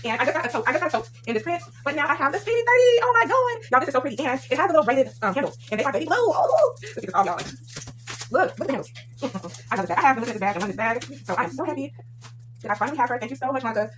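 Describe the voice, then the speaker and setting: A woman talks very fast through an unboxing. Her voice sits a little high, and she fills her chatter with fillers and calls of "y'all". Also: background noise. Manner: chatty, excited, many fillers, says "y'all". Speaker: vlogger. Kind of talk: casual unboxing vlog.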